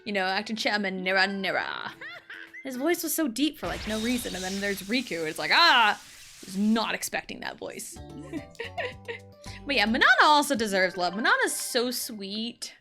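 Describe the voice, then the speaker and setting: A woman's voice: mid-range voice, huge pitch swings, normal speed, bright, forceful tone. A woman streaming a video game, chatting casually and giggling as she gushes about her favourite characters. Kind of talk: casual gaming livestream chat. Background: game music.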